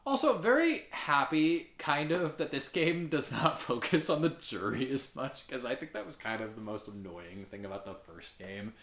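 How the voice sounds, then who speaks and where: Man voicing a game, lively pitch. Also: normal speed, few pauses, reverberant. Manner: animated, swearing, laughing and groaning; puts on character voices and accents while reading. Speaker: let's play streamer. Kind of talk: voicing a game aloud with his wife.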